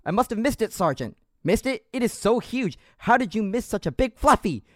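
A man voicing a petty, stern female French Canadian drill sergeant in a high, barking, mock-formal voice. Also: very animated, a little fast, fairly bright tone, no echo, studio quality. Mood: scolding.

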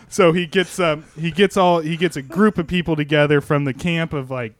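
A man's voice: on the high side, normal speed. A young man recapping a movie plot in casual chat, sarcastic and rambling, laughing often. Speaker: podcast panelist pitching a movie.

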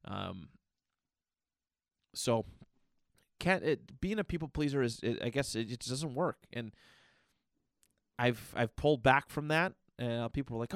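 Gravelly man musing on a podcast. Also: medium pitch, lively intonation, unhurried, long pauses, dry recording, studio quality. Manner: rambling, with frequent restarts and fillers; candid and reflective. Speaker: podcast host. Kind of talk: casual personal monologue.

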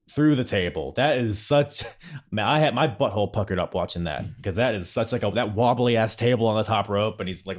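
Male podcast host, lower pitch, relaxed and casual, laughs easily. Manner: laid-back, laughing, swears casually. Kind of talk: casual chat.

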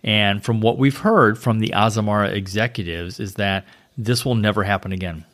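A man co-hosting a travel podcast as a travel agent, chatting casually with lively storytelling. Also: fairly low pitch, normal speed. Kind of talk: casual chat.

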